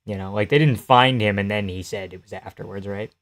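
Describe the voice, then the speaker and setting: A man's voice: on the low side, fairly quick, a bit bright. Joking, foul-mouthed male streamer. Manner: joking, swears freely, reads and answers chat. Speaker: live streamer. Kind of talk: casual live-stream fight commentary.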